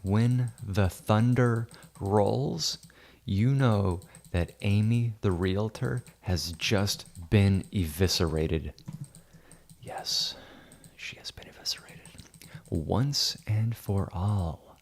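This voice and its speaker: A man putting on the voice of a pompous, all-powerful wizard who makes slow, booming proclamations. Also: gravelly, a little mellow, heavily acted. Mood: grandiose.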